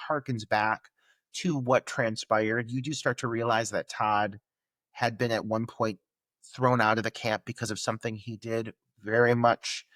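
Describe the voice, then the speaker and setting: A man's voice: mid-range voice, fairly bright tone, dry recording. A man co-hosting a film podcast, talking through characters in a loose, analytical way with casual swearing. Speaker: podcast co-host. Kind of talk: casual film review chat.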